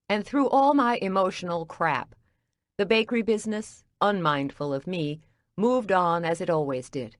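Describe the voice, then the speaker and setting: A woman reading a first-person audiobook in a wry, expressive way. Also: on the low side, normal speed, no room sound, studio quality. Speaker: audiobook narrator.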